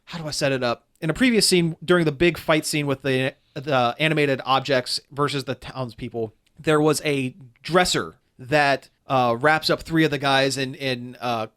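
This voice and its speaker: A man's voice: medium pitch, fairly even intonation, moderate pace, few pauses, a bit bright. A man on a casual podcast, rambling through a critical movie review with lots of restarts. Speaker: podcast co-host. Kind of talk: casual chat.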